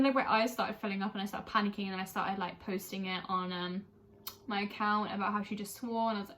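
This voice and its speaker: A woman's voice: medium pitch, steady tone, fast talker, a bit bright, rough recording. A young woman vlogging casually about an album, gushing and chatty, with lots of "like" in her speech. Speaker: music vlogger. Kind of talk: casual chat reviewing an album.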